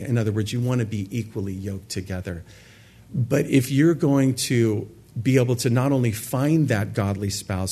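A man gives a sermon with a slightly husky, breathy voice at a middle pitch. He preaches earnestly to a congregation and repeats words for emphasis. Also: darkish tone. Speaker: pastor. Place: church sanctuary with a live congregation.

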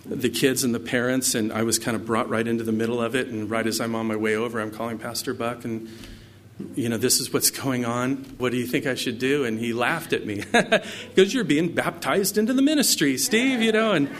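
A man's voice: medium pitch, little pitch movement, brisk, fairly bright tone, slight background noise. A man preaching a sermon, mixing personal stories with scripture readings in a conversational way. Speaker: pastor.

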